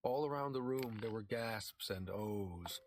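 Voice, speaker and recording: Male audiobook narrator with a measured, dramatic read. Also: fairly low pitch, slight background noise.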